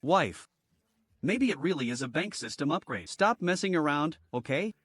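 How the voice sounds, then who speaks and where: A man's voice: a little high, expressive, moderate pace, a bit bright, husky, no room sound. Brief: male narrator as a timid husband, soothing and pleading, dry close sound. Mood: placating. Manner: pleading, placating. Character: meek husband, placating his angry wife.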